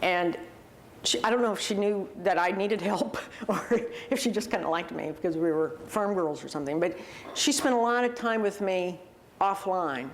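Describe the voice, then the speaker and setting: A woman, a university president, telling personal stories to an audience in a vivid, animated way and acting out the people she quotes. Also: on the low side, moderate pace, a little hiss or hum. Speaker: university president giving a talk. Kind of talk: personal storytelling talk to an audience.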